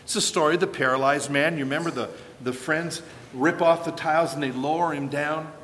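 An animated male preacher delivers a sermon with a bright, forceful voice pitched a little high. He drives his points home with emphatic rhetorical questions. A long reverb from a large hall trails his words. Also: brisk, a little hiss or hum.

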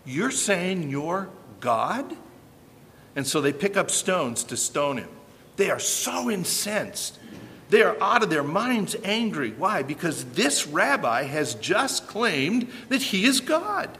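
A man preaching a sermon, animated and emphatic, asking rhetorical questions as he reads and explains scripture. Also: high-pitched, measured pace, big-room sound, a little hiss or hum.

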